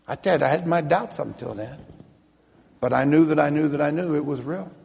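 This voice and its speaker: A man's voice: on the high side, a little fast, gravelly, darkish tone, husky, long reverb tail. A middle-aged man giving an earnest, plainspoken personal testimony, sometimes repeating words when moved. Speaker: speaker telling a personal testimony.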